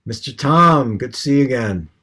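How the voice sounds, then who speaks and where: A man facilitating a group discussion over a video call, halting and repeating words. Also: medium pitch, animated, bright, forceful tone, husky.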